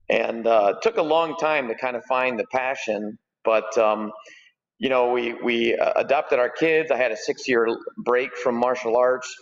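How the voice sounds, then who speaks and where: A man in his forties tells his story as a podcast guest, rambling along with plenty of fillers and restarts. His voice sits at a middling pitch. The sound is dull and rings with a long reverb. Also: moderate pace. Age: 40s. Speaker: gym owner and guest. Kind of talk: casual podcast conversation.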